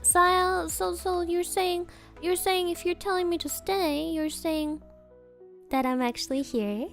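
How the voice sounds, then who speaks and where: A woman's voice: extremely high pitch, steady tone, unhurried, vocal fry, faint music behind. A young woman streamer chatting casually with her viewers, playful and teasing, often putting on mock offense.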